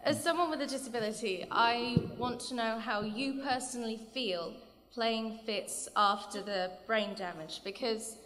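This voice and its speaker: A woman in the audience at a convention, asking a question earnestly and quickly in a fairly high voice. A long reverb hangs off the hall walls. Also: fairly bright tone, soft background music. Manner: earnest, rushed.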